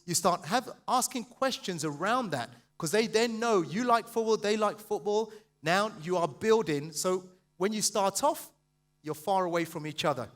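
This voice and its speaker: High-voiced, passionate man on stage. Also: expressive, fairly bright tone. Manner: passionate, fast, quizzes the audience. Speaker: sales trainer speaking at a seminar. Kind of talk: live motivational seminar talk.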